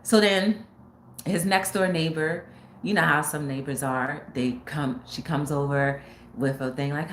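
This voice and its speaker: A woman host with a deep voice casually retells a story, acting out its scenes with lively energy. Her voice rings in an echoey room over faint background noise. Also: unhurried. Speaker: talk show host.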